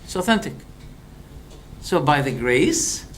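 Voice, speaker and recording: An Islamic preacher with a fairly high-pitched voice gives a religious lecture to his audience. He speaks with animation and rhetorical flair, rattling off quick questions and briefly playing both sides of an argument. A faint hum of background noise runs under his speech.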